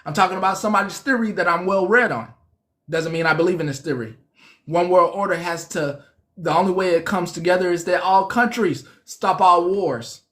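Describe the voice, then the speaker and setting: A woman's voice: fairly low pitch, a bit bright. A woman hosting a casual live-stream commentary, mocking and preachy, hammering her points home by repeating phrases. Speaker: host.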